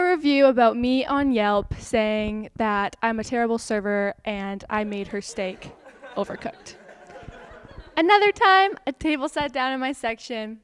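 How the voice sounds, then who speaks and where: A woman's voice: on the high side, moderate pace, clean tone, a faint crowd. Young woman giving a sarcastic mock talk. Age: young adult. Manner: sarcastic, laughs often, mock-dramatic. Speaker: student presenter. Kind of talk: satirical TED-style talk.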